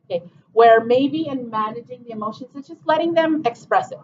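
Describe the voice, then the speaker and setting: A woman's voice: fairly high pitch, a little fast, darkish tone, slight background noise. A middle-aged woman presenting a parent workshop, talking informally with many "okay"s and "um"s. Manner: conversational, repeats "okay" and "um", acts out parent and child quotes. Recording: dull lo-fi room recording.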